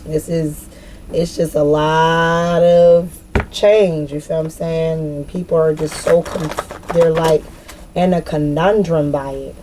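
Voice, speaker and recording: A woman's voice: low voice, steady tone, slow pace, noisy background. A woman giving a casual tarot reading straight to her viewers, swearing freely and laughing often. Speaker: tarot reader.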